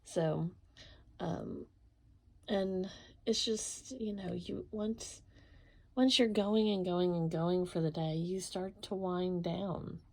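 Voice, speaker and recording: A tired woman with a frog in her throat, rambling softly about her painting late at night at home. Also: on the low side, fairly even intonation. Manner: soft, slow, rambling late-night talk. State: sleepy and tired. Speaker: painter and parent. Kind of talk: casual painting vlog.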